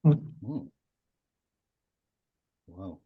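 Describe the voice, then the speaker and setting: A man's voice: sits low, very animated, very slow, husky, phone-quality sound. A man competing as a quiz contestant, thinking aloud casually with hesitant, repeated words.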